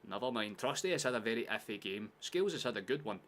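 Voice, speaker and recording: Casual male watchalong host, low and punchy, swears freely. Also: animated, quick pace, slight background noise. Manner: laid-back, swears often, sudden shouts at chances. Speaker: streamer hosting a football watchalong. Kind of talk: casual live watchalong chat.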